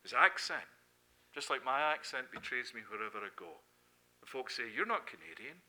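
Bright-voiced Scottish preacher. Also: male voice, moderate pace. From Scotland. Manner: earnest, rising to emphatic peaks then dropping low. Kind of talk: sermon.

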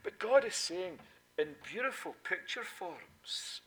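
A man preaching a sermon, dropping to hushed asides and then rising to loud, emphatic proclamation, repeating key points for emphasis. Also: a little high, animated, normal speed, low-quality recording.

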